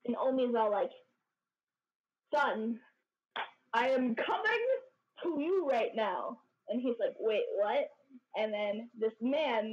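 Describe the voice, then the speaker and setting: Giggly, rambling woman streamer. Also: fairly high pitch. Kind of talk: casual storytelling. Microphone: voice chat. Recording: dull lo-fi voice chat.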